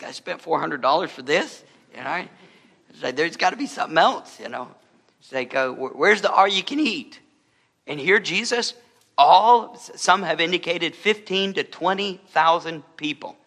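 Bright-voiced male pastor preaching. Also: high voice, in a large hall. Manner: conversational preaching with humorous asides. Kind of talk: sermon.

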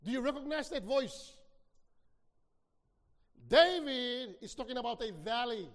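A man preaching a sermon, reading scripture dramatically, with sudden swings between near-hushed lines and shouted ones. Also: very high voice, animated, a little slow. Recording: long hall reverb.

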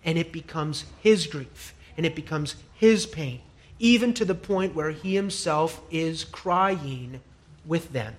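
A male pastor preaching a sermon, emphatic and repetitive, dropping to a hush and rising to loud declarations. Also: a little high, takes it slowly. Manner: emphatic, swings from hushed to loud; repeats phrases for emphasis.

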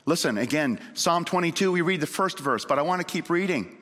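A man preaching a sermon with great passion, swinging from loud, high pleading lines to low, hushed ones. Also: lively intonation, fairly quick, few pauses. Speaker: pastor. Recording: reverberant hall.

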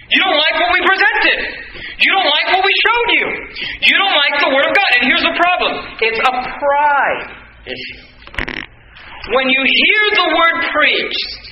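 A man pastor preaching a sermon with passion, switching between shouted stretches and quiet asides, recorded in a church from a distance. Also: very high-pitched, slight background noise. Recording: echoey room, mic at a distance.

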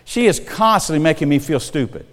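A middle-aged man preaches in a folksy, conversational style and keeps asking his listeners whether they are following. His voice sits a little high for a man. The sound rings with the long reverb of a large hall. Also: animated, fairly quick, a bit bright. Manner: folksy, conversational, checks in with the congregation. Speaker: pastor. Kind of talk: sermon.

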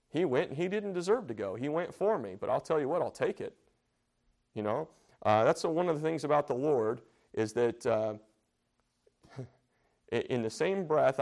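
A man's voice: mid-range voice, gravelly, darkish tone. Earnest man teaching a Bible study. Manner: earnest, repeats phrases, asks the room questions. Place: church Bible study class.

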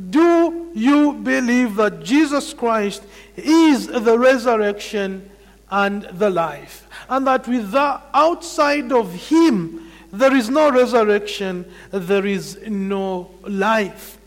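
A man delivers a sermon in a high voice, slow and deliberate. He stresses each claim and repeats lines for weight. His voice rings out with a long reverb from a church hall. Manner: measured, emphatic, repeats key phrases. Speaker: preacher.

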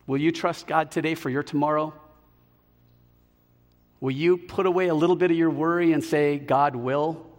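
A man preaching a sermon, emphatic and slowing down on key words, in a large hall. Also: fairly high pitch, fairly even intonation. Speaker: pastor.

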